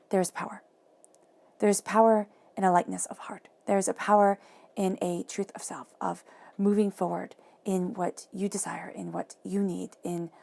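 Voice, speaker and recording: A woman giving a monthly tarot reading, talking softly and reflectively and repeating phrases for emphasis. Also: on the low side, gravelly. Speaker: tarot reader.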